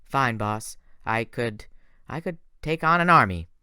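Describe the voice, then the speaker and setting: Give me a man playing a loyal pegasus, out of breath and cheery, lively delivery. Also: medium pitch, measured pace, dry recording, clean studio sound. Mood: tired, brave. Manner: panting, gruff and breezy.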